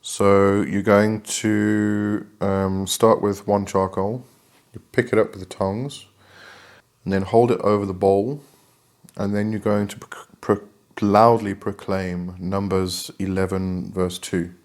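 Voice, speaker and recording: Male teacher, low voice, casual how-to talk with a lot of "um"s. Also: flat delivery, darkish tone. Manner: rambling, hesitant, many fillers; reads book passages aloud in a measured tone. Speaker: occult teacher.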